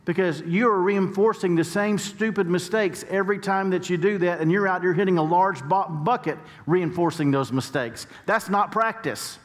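A man's voice: high-pitched, normal speed, few pauses. A male pastor preaching a sermon, telling stories and building to emphatic points. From United States. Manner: storytelling preacher, rising to emphatic peaks. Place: church sanctuary. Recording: long church hall reverb.

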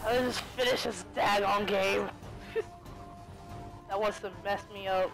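A young woman giving excited gameplay commentary, often exclaiming and laughing as she plays. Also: mid-range voice, measured pace, music in the background, poor audio. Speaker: gaming video creator.

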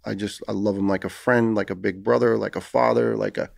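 Podcast guest: man, gravelly low voice, flat delivery, earnest storyteller. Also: brisk, no room sound, studio quality. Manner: earnest, heated, repeats words when emotional. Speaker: podcast guest, retired firefighter. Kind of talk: casual storytelling interview.

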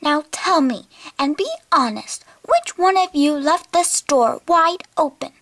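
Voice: sits high, animated, unhurried, fairly bright tone, heavily acted. A child voicing a caring but stern mother in a homemade toy play, who scolds sharply when upset. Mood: scolding. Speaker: voicing toy figures in a home video.

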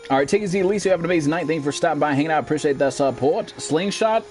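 Soft music sits beneath a very fast-talking streamer in his twenties. He curses and gets excited as he plays a shooter, his voice spiking into high-pitched yelps.

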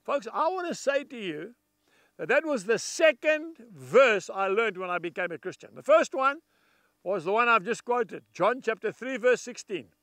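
A man's voice: sits high, sing-song, normal speed, a bit bright, no room sound. A man preaching a televised sermon in an emphatic, folksy manner, repeating key phrases and speaking straight to the viewers. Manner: addresses viewers directly with asides.

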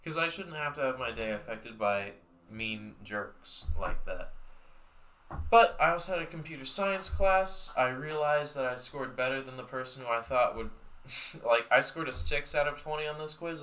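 A man's voice: medium pitch, bright, forceful tone. A young man vlogging to camera, rambling and joking in a loose, profane way about his day. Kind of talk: casual chat to camera.

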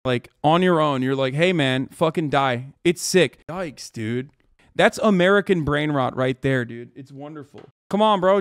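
A man's voice: fairly high pitch, clean tone, dry recording. Man ranting angrily on a dry close mic. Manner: angry, profane ranting. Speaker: streamer. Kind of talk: heated live-stream reaction.

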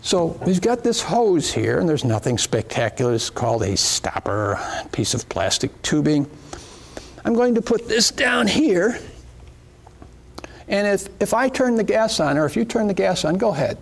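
Joking around with his helpers, a middle-aged man gives a chemistry demonstration to a class in a classroom or lecture hall. His high, sing-song voice carries some vocal fry, and he talks at a normal speed.

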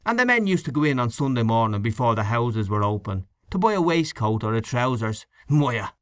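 A man's voice: medium pitch, very animated, fairly quick, no echo, studio quality, natural voice. A man reading an audiobook, voicing a grumbling, gossipy male election canvasser with a scornful manner. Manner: scornful, complaining.

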